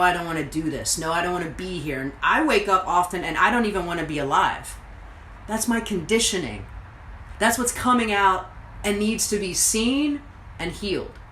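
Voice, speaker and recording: A woman's voice: on the low side, fairly bright tone, echoey room, slight background noise, low-quality recording. A woman host and coach giving an earnest, reflective motivational talk straight to her viewers on a livestream. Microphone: livestreamed to social media.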